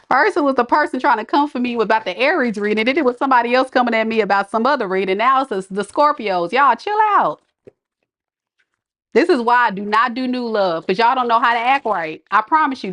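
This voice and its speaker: A woman's voice: fairly high pitch, fairly bright tone. A woman tarot reader scolding her live viewers in an exasperated, laughing rant.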